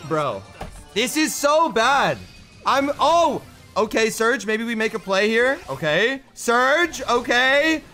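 A young man commentating his own gameplay, excitable and often pleading or shouting at the action. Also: fairly high pitch. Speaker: gaming YouTuber.

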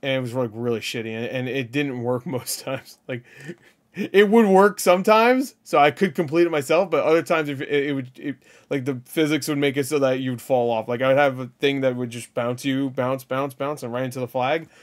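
A man hosting a casual reaction video, talking excitably, swearing and laughing at what he sees. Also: mid-range voice, fairly quick. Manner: excitable, swears often, laughs and yelps at jump scares.

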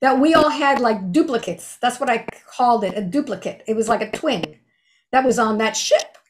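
A woman's voice: fairly high pitch, expressive, moderate pace, a little hiss or hum. Earnest woman in her sixties. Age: 60s. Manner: earnest, heartfelt recounting. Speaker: storyteller sharing a spiritual experience. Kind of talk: casual personal storytelling.

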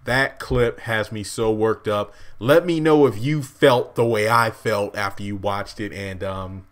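A man recapping a TV episode in an excited, rambling, emotional way, addressing his viewers directly. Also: fairly low pitch, unhurried. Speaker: TV show recap vlogger.

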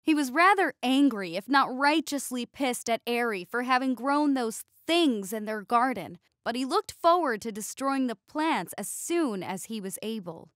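A woman reading a scripted science fiction story in an even storytelling delivery. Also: on the high side, moderate pace, few pauses, dry recording, studio quality. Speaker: story narrator. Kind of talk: scripted sci-fi story narration.

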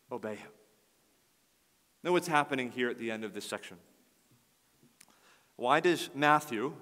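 A man preaching a sermon as pastor, earnest and building to forceful emphasis. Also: a little high, in a large hall. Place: church sanctuary.

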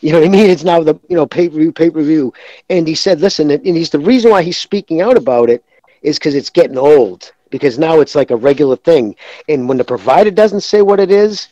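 A man's voice: on the high side, warm tone, dry recording, rough recording. A man calling in to a show, talking in a heated, profane, rambling way. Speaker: caller. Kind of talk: casual call-in chat.

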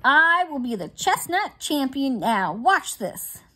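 A woman's voice: high voice, sing-song, slow pace, sharp tone, heavily acted. A woman voicing an impatient, boastful and melodramatic male sugar glider in a storybook reading.

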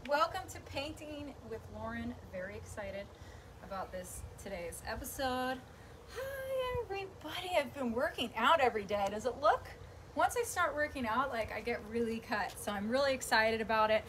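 A woman's voice: a little high, expressive, moderate pace, a bit bright. A young woman chatting casually on a live stream while painting, mocking herself and talking to her dog and her viewers. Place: outdoors at home. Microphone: handheld phone camera. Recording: faint background noise.

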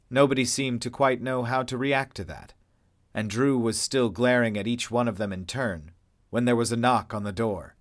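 A man narrating web fiction in a steady, measured reading style. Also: mid-range voice.

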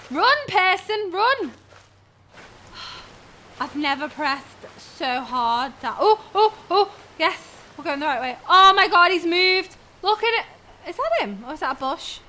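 Casting: woman, very high bright voice, skittish horror-game commentary, swears and yelps. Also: animated, slow pace. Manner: jumpy, swears and screams at scares. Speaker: gamer. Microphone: headset.

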